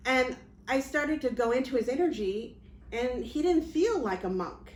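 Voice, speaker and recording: A woman's voice: sits high, normal speed. Woman psychic medium telling a story casually. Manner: rambling, many fillers and restarts, animated. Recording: roomy, faint background noise.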